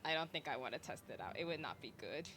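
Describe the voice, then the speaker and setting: Chatty young woman with vocal fry. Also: deep voice, expressive, quick pace, fairly bright tone, faint music behind. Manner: chatty, rambling with fillers and self-interruptions. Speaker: streamer. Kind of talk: casual chat.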